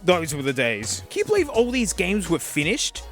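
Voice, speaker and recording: A young Australian man hosting his channel, giving excitable, jokey nostalgic commentary and laughing often. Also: high-pitched, moderate pace, soft background music. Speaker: YouTube host.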